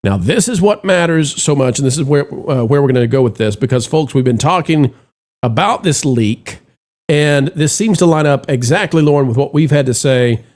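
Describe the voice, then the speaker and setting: A man hosts a chatty commentary show with a lively, swooping delivery that jumps up and down in pitch. His voice sits a bit high for a man, and he hams things up with theatrical, mock-solemn asides to his audience. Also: moderate pace. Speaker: show host. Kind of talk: animated commentary chat.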